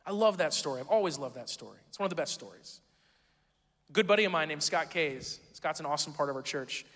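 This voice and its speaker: A man delivers a sermon from a church pulpit, his voice high for a man. He talks casually and teases the congregation, rising loud on key lines and sinking almost to a hush. The sound carries a long hall reverb. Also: big pitch swings, fairly quick. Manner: conversational and joking, swinging from loud to hushed. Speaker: pastor. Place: church sanctuary.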